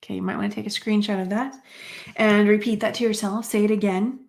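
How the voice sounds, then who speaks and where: A woman's voice: mid-range voice, steady tone, quick pace, vocal fry, a little mellow. Chatty woman giving a card reading. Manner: chatty, rambling, many fillers and asides. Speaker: card reader. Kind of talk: spiritual card reading to camera.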